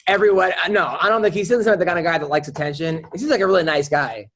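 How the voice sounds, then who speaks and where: A man with a high-pitched voice hosts a loose, casual podcast chat. He rambles through his stories, stopping and restarting his sentences as he goes. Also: rapid-fire, fairly bright tone. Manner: rambling storyteller with many restarts. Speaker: podcast host.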